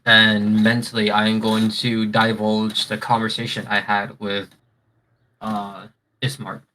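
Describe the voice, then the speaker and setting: A man at a tabletop game describes what his character does. His voice is a little low and bright, casual in tone, with a faint hiss behind it. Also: monotone, measured pace, rough recording. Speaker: player.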